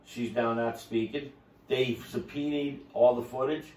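A man's voice: medium pitch, fairly even intonation, unhurried, darkish tone, roomy sound, far from the mic. A man telling his story on a podcast, boisterous and rambling, with a salesman's flourish. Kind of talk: casual chat.

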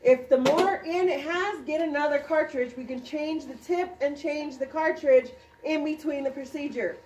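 A woman, a dental instructor, demonstrating a procedure to a class and quizzing students with quick questions. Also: sits high, a little mellow, far from the mic, slight background noise. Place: clinic classroom. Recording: roomy sound from off-mic.

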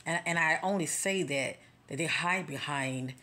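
A woman's voice: sits low, moderate pace, sharp tone. A woman giving a casual spiritual encouragement talk to her followers, speaking directly and conversationally like a preacher, often checking in with "okay?" and "you know.". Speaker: spiritual vlogger.

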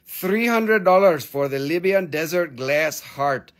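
A man selling crystals on a live stream, rattling off prices and teasing viewers in a playful, joking way that jumps from loud to mumbled. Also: on the high side, lively intonation, slow pace. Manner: playful, joking, swings between loud teasing and quiet muttering. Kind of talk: live sales stream patter.

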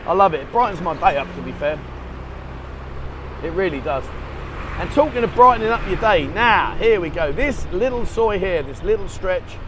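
A man chatting enthusiastically as he walks the streets, vlogging with a handheld camera. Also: fairly high pitch. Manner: chatty, enthusiastic, rambling with fillers. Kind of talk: casual walking vlog. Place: outdoors on city streets. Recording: street noise, traffic behind.

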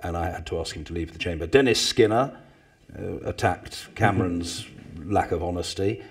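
Man, 60s, husky, low voice, anecdotal, mimics others loudly. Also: moderate pace. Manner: animated storyteller, mimics others with loud bursts. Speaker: former parliamentary speaker, guest. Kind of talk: anecdotal talk to a live audience.

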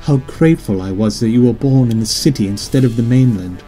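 A man's voice: medium pitch, a little fast, warm tone, soft background music, lightly acted. A man voicing a worried, insistent middle-aged mother in an audiobook, with pleading, scolding emphasis. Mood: urgent scolding. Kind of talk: audiobook character reading.

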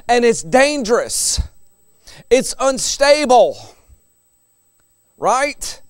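A man's voice: very high voice, smooth, no room sound, clean studio sound. A middle-aged man preaching a sermon in a conversational way, chuckling between his points.

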